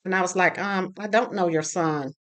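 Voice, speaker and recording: A woman's voice: lowish voice, normal speed. Chatty woman telling a personal story. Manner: animated, acts out other people's lines; chatty, with frequent fillers and asides. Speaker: storyteller sharing a personal experience. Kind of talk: casual storytelling to camera.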